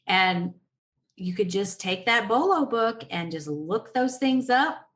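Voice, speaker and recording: A woman's voice: medium pitch, animated, takes it slowly, a bit bright. A woman hosting a podcast, giving friendly selling advice in a casual chat and speaking straight to the listeners. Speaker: podcast host.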